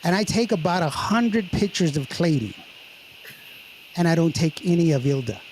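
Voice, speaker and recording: A man's voice: a little high, animated, moderate pace, darkish tone, a little hiss or hum. A man from Texas hosting a casual chat, joking, telling stories and laughing often. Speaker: host.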